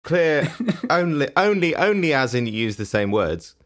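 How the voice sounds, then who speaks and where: A man's voice: medium pitch, big pitch swings, normal speed, a bit bright. A man co-hosting a comedy podcast, teasing and rambling, laughing often. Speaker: podcast co-host. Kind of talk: casual comedic podcast chat.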